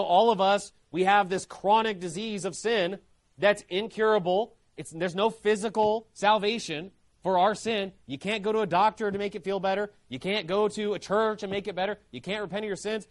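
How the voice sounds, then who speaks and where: A man preaching with a notably high-pitched voice. His delivery is fervent and emphatic, the way a sermon is delivered from the pulpit. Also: a little fast.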